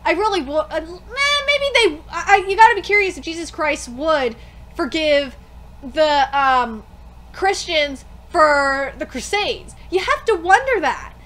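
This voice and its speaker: A young woman reacting live to a manga, excitable and swearing freely, often breaking into shrieks. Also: very high voice, unhurried.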